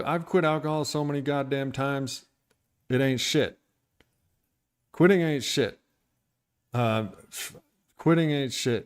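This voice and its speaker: A man talking candidly and bluntly about his recovery on a livestream, irritated and venting with profanity. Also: medium pitch. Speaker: recovery streamer.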